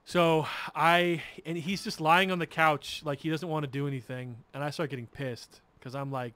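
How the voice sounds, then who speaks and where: A man's voice: mid-range voice, steady tone, normal speed, few pauses, fairly bright tone, dry recording. A man telling a long story while playing a game, rambling and swearing freely with lots of restarts. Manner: rambling, profane, restarts a lot. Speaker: gamer streamer.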